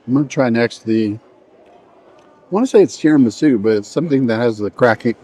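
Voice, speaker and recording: In a casual vlog reviewing an indoor buffet, a middle-aged man chats and rambles between bites. His mid-range voice is animated, brisk, and warm, and he's chatty, often trailing off mid-sentence while eating.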